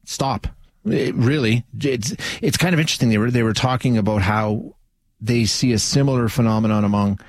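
A man's voice: mid-range voice, moderate pace, no room sound. A man hosting a call-in radio show, talking casually with frequent restarts and fillers. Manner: conversational, many restarts and fillers. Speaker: radio talk show host. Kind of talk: casual talk radio monologue.

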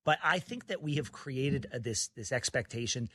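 A man from Canada, a guest in casual talk-show chat, telling anecdotes in a measured way with restarts. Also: medium pitch, lively intonation, a bit bright, husky, no echo.

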